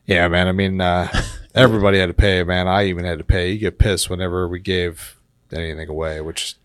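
Man, low voice, dry close mic, laid-back casual chat, keeps saying "man". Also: little pitch movement, brisk, a bit bright, no room sound. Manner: laid-back, says "man" constantly, laughs often. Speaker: guest.

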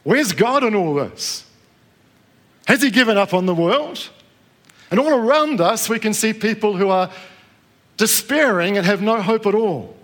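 A man's voice: high-pitched, expressive, measured pace, long pauses, a bit bright. A middle-aged man from New Zealand preaching to a live congregation, telling a personal story in a conversational way and asking the room questions.

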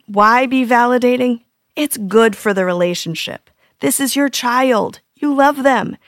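A woman in her fifties hosting a parenting podcast, reading scripted tips in an earnest, gently humorous way. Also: fairly high pitch, no echo, clean studio sound.

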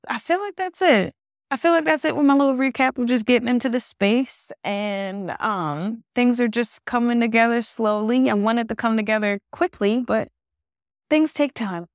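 A woman hosting her own podcast, chatting casually from her apartment. She rambles through a story, leaning on "like" every few words. The sound is dry and close, with no room echo. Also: fairly high pitch. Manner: rambling storytelling, heavy use of "like". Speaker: podcast host. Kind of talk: casual solo podcast chat.

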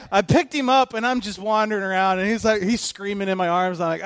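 Male pastor preaching, animated story mode, jokey asides, slightly high voice, dry close sound. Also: a little fast, few pauses, dry recording. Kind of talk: sermon.

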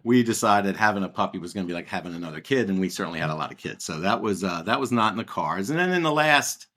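Low-voiced middle-aged man, podcast co-host. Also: quick pace. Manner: relaxed storytelling with frequent fillers. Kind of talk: casual podcast chat.

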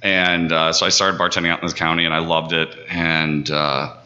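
Deep-voiced rambling man telling bar stories. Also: level tone, moderate pace, bright, forceful tone, in a large hall, muffled recording. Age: 30s. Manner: rambling, with frequent fillers like "this, that, and the other". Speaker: guest telling stories of bartending. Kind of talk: casual storytelling.

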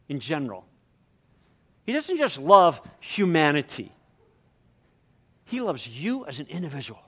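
A male preacher delivering a sermon with a high voice that leaps all over its range. He swings from loud, dramatic emphasis to hushed, quiet lines. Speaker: pastor.

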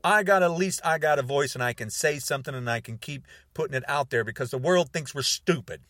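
A man's voice: mid-range voice, fairly quick, fairly bright tone, dry recording, studio quality. A man of about sixty delivering a heated monologue to camera, repeating words for emphasis and stretching out key words. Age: 60s. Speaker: video blogger.

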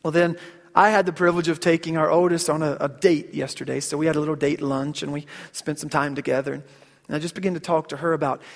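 Speaking fast with vocal fry and fairly even intonation, a pastor in his thirties delivers a casual, story-laden sermon in a voice on the high side. He tends to repeat words when starting sentences, and long hall reverb fills the church sanctuary.

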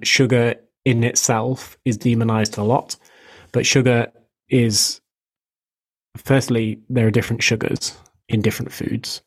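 A man who coaches fitness clients, answering listener questions on a podcast in a measured, explanatory way. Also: medium pitch. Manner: measured, explanatory, even delivery.

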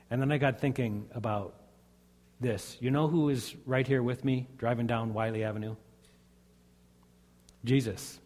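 Earnest pastor preaching in a reverberant hall. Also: male voice, mid-range voice. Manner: conversational storytelling, earnest. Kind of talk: sermon.

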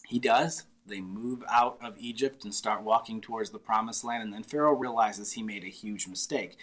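A man's voice: mid-range voice, moderate pace, few pauses, a bit bright. A man preaching a sermon, retelling a scripture story with vivid, dramatic voices for the people in it. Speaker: pastor.

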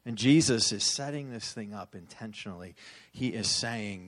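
A pastor preaching a sermon to his congregation, joking and swelling loud for emphasis. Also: lowish voice, moderate pace.

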